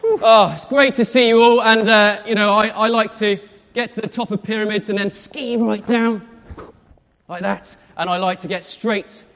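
A man doing a silly, cheerful pyramid skier who talks in a high, chummy voice and a mock-gruff put-on accent. He rambles happily on a live stage. The hall gives every line a long, echoing tail. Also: fairly even intonation, moderate pace, a bit bright. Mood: jokey. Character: goofy male pyramid skier, cheerful and daft. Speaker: comic performer. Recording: echoey hall.

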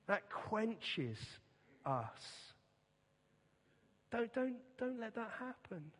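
Middle-aged male pastor, high-pitched and unhurried, earnest, emphatic sermon delivery; reverberant church hall. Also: sing-song, a bit bright.

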